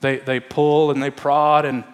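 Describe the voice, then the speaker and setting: A male pastor preaching a sermon, earnest and pleading, sometimes dropping to a hush for emphasis. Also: medium pitch, little pitch movement, measured pace. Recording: long hall reverb.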